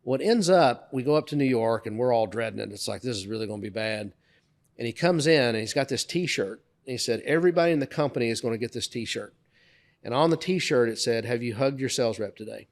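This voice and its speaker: Man, middle-aged, podcast co-host, casual storytelling, medium pitch, animated quotes. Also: fairly quick. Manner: lively anecdotes, raising his voice to act out quoted bosses.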